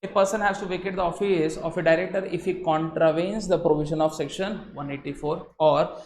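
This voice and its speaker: A man's voice: a little high, fairly even intonation, a little fast, a little mellow. A man with an Indian English accent lecturing on law for exam students, tossing in "sir" and Hindi asides as he shifts his tone for emphasis. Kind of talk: recorded exam-prep lecture. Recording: roomy echo, faint noise.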